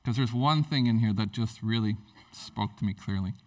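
A man preaching an animated, conversational sermon as pastor at a church service, acting out everyday scenes as he goes. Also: fairly low pitch, moderate pace, recorded from a distance.

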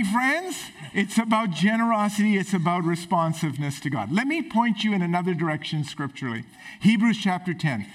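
A man preaching a sermon in a church, emphatic and exclamatory. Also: sits high. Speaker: pastor. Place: church sanctuary.

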